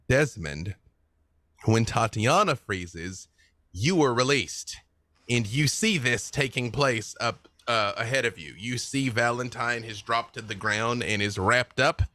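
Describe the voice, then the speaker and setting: A man narrating a tabletop horror game as dungeon master, with measured, descriptive delivery. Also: medium pitch, bright, forceful tone, no echo.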